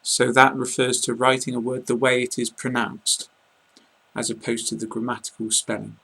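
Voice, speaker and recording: A British man giving a casual online pronunciation lesson, speaking slowly and carefully and repeating example words. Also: medium pitch, level tone, creaky, pushed and bright, breathy edge, low-quality recording. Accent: British English. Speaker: English pronunciation teacher.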